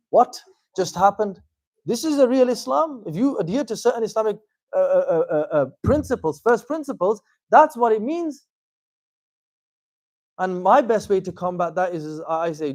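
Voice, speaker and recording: A man giving an informal religious lecture as a teacher, animated and conversational, with frequent fillers and wry asides. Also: high voice, normal speed, no room sound. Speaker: Islamic teacher giving a talk.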